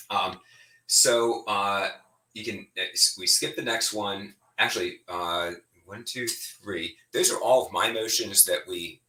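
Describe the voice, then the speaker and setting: Man, middle-aged, blunt, heated, bright edgy tone, distant mic, roomy echo. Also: low-pitched. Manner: animated, heated, speaks bluntly. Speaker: state representative giving an update. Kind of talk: informal spoken update.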